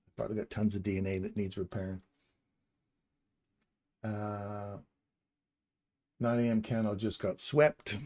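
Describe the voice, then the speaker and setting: A man's voice: on the low side, level tone, a little slow, pauses often, a little mellow. A middle-aged man from England, hosting a live trading stream, talking casually through the chart, thinking aloud and joking with viewers in chat. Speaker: livestream trader and channel host.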